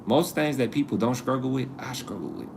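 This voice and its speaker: A man with a medium-pitched, gravelly voice hosts a casual live stream, talking fairly quickly with lively intonation over some background noise. He's laid-back and joking, chatting with his viewers and laughing at himself as he goes.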